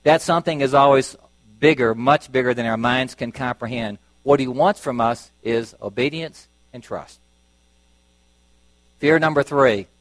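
A man's voice: mid-range voice, unhurried, dry recording, rough recording. A middle-aged man preaching a sermon, telling stories and acting out voices as he goes. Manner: storytelling, acting out voices with lively shifts.

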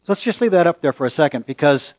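A male pastor preaching a sermon, slow and deliberate, with pauses and rising emphasis. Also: fairly high pitch, expressive, dry recording.

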